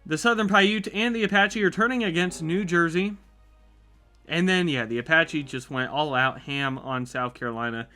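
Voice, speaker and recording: A man calls a simulated battle as it plays out, talking in a chatty, upbeat way. His voice is high and bright, with a sharp edge. Faint music runs quietly underneath. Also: moderate pace. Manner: upbeat, chatty, reacts with excitement. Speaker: YouTube host. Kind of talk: live commentary on a map simulation.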